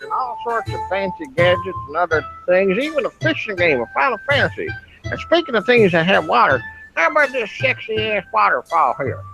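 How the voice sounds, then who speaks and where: A rowdy, crude hillbilly man rattles off his folksy jokes, as someone puts him on for a comedy bit. Clear music plays behind the voice. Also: mid-range voice, big pitch swings, fairly quick, low-quality recording. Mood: mocking, rowdy.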